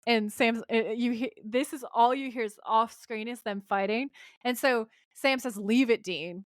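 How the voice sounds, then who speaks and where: A British woman co-hosting a chatty podcast, retelling a TV episode with lively energy and slipping into the characters' lines as she goes. Her voice sits a little high. The sound is close and dry, with no room around it. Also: normal speed, no room sound. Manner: animated retelling, acting out characters' lines with frequent laughter. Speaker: podcast co-host. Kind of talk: casual chat recapping a TV episode.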